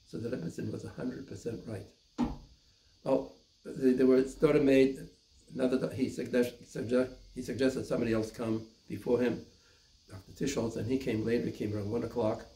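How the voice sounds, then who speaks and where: An older rabbi recounting personal memories, halting and repeating words as he searches for them. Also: medium pitch, steady tone, dark tone, roomy sound, poor audio.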